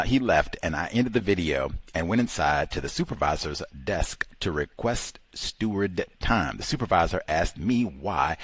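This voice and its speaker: A man's voice: low voice, a bit bright, slightly rough, dry recording. A man hosting a talk show, giving impassioned, emphatic commentary full of exclamations and rhetorical questions. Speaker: host.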